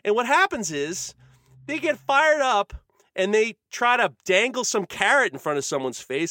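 Ranting, profane man with lively pitch. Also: normal speed, no echo, studio quality. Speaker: podcast host. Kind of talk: casual podcast chat.

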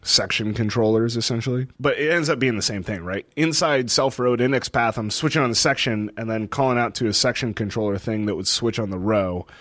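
A man's voice: mid-range voice, fairly quick, few pauses, no room sound, studio quality. A young man co-hosting a podcast, telling stories in casual chat, laughing often and acting out what people said. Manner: animated storyteller, laughs often, acts out quotes. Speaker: podcast co-host. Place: lives in a city in the northeastern United States.

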